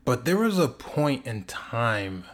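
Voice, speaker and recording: A man's voice: mid-range voice, very animated, takes it slowly. Passionate young man ranting about sports. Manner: passionate, ranting, stretches words for emphasis. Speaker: host. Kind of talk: emphatic sports commentary vlog.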